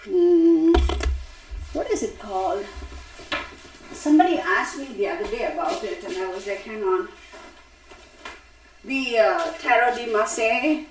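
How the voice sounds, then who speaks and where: A woman's voice: fairly high pitch, lively intonation, normal speed, rough recording. A woman hosting a tarot live stream, talking casually and straight to her viewers, chatty and wandering off topic with frequent laughs. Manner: chatty, digressive, laughs often, talks to viewers directly.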